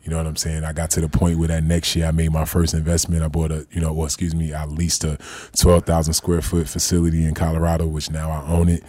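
A man telling a story as a guest in casual chat, fast and slangy, animated. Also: extremely low pitch, no room sound.

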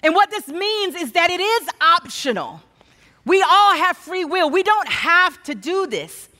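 Woman speaker, high and bright, storytelling sermon, long hall reverb. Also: sing-song, unhurried. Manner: storytelling, acts out quoted exchanges. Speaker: guest speaker.

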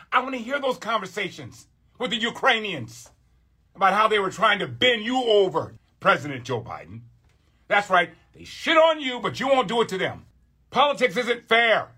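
A man's voice: sits high, pushed and bright, slightly rough. A man hosting a podcast, delivering a heated, profane political rant with emphatic repetition. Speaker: podcast host.

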